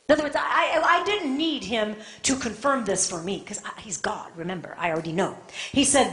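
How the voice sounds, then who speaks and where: Impassioned high-voiced woman preacher. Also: lively intonation, a little fast. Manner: impassioned, swings from soft to shouting. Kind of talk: sermon. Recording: echoey room.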